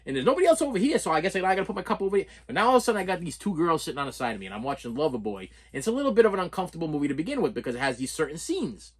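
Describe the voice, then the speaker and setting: Middle-aged male vlogger, slightly high-pitched, animated storyteller who laughs a lot and repeats himself. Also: racing, hardly any pauses, breathy edge. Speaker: vlogger unboxing movies. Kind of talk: casual storytelling vlog.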